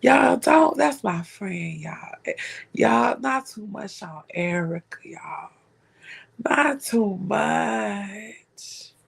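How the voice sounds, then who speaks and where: A fake-sweet woman pleading softly for her friend, as a woman puts her on in a whispered role-play. The voice stays hushed and breathy, the words slow and stretched, with a gravelly edge under the whisper. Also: medium pitch, expressive, exaggerated voice. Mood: mock pleading. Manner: soft drawn-out mocking whisper.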